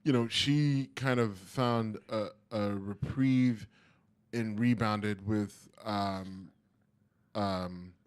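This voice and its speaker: A middle-aged man co-hosts a casual podcast, rambling loosely with lots of ums and you-knows. His smooth voice is on the low side, with fairly even intonation and drawn-out words.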